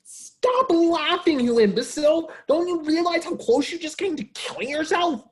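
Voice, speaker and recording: A man's voice: extremely high pitch, huge pitch swings, normal speed, heavily acted. A man voicing a bitter, uptight, hardworking cartoon man in a table read, exasperated and indignant.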